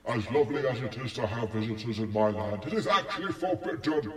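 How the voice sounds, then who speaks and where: A theatrical, booming villain voice with a lively, swooping delivery, as a man puts it on. He is grand and overly polite. The mic is set back in a roomy space with a long reverb tail. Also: fairly quick, far from the mic, lightly acted. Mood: grandiose.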